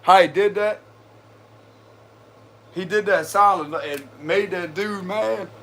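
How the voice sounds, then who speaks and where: High-voiced laughing man reading tarot. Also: takes it slowly, fairly bright tone. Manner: chatty, slangy, addresses viewers directly; keeps breaking into laughter. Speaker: tarot reader.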